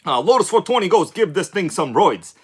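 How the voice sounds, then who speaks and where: A man's voice: high-pitched, big pitch swings, brisk, breathy edge. A man hosting a live stream, talking casually with an upbeat, hyped-up manner and chatty asides to his viewers. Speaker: livestream host.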